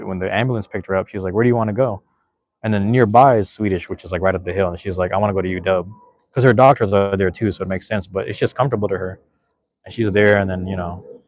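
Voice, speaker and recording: Low-voiced man rambling casually. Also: no echo, dull audio. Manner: rambling, profane, with many restarts. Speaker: podcast host reading chat. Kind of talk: casual chat.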